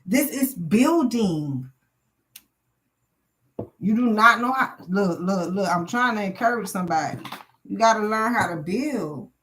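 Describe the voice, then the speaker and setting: A woman's voice: mid-range voice, moderate pace, a bit bright, a little hiss or hum, rough recording. Woman, live tarot reader; blunt, preachy, swears freely.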